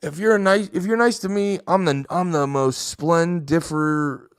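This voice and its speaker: A man's voice: a little high, measured pace, clean tone, no room sound, clean studio sound. A young man hosting a livestream, ranting and swearing heavily as he talks back to his chat. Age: young adult. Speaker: livestream host. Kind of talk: casual stream commentary reacting to chat.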